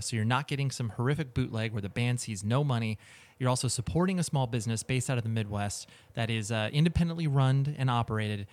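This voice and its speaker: A man hosting a podcast who reads a sponsor ad and then asks long, hesitant, rambling questions. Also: medium pitch. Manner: rambling, hesitant, many fillers when asking questions. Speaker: podcast host. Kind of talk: ad read and interview questions.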